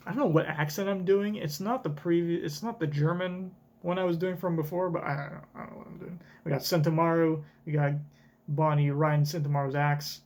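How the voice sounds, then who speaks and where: A man's voice: fairly high pitch, steady tone, brisk, darkish tone. A man streaming a live comic reaction, tossing out casual, chatty asides.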